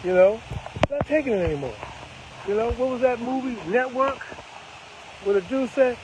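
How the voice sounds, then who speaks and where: A man's voice: very high voice, lively intonation, moderate pace, pauses often, background noise. An older man hosting a live broadcast, talking in a preachy, emphatic way and repeating phrases for effect. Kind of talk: casual live-stream commentary.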